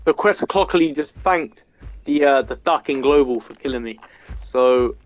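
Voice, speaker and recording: A man giving let's-play game commentary, swearing a lot and swinging between frustration and excitement. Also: medium pitch, unhurried. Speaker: gamer.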